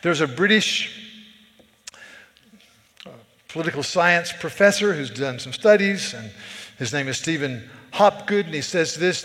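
A male pastor delivers a sermon in a fairly high voice. His talk is conversational but grows forceful when he presses a point. A long reverb trails his words through the sanctuary. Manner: conversational preaching, rising to forceful emphasis. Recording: reverberant hall.

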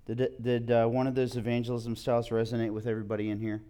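A man's voice: mid-range voice, monotone, fast, dark tone, clean tone. A man teaching a church group in an earnest, partly read-out way.

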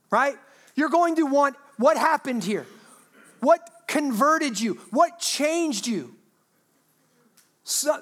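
High-voiced woman preaching a lively sermon. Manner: lively, humorous, asks the audience rhetorical questions. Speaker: pastor.

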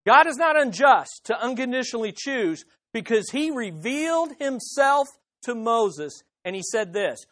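A woman's voice: fairly high pitch, very animated, unhurried, hardly any pauses, fairly bright tone. A woman preaching a sermon, putting rhetorical questions to the audience with emphasis.

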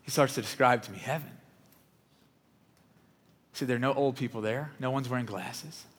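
A male pastor preaches with earnest conviction, often dropping his voice low and quiet. His pitch sits in an ordinary middle range. The sound carries the long reverb of a large hall. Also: normal speed, slightly rough. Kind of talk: sermon with storytelling.

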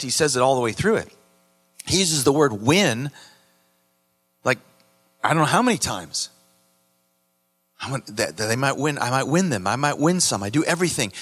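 A man's voice: mid-range voice, fairly bright tone. A man preaching a sermon as pastor, earnest and repeating himself when he presses a point.

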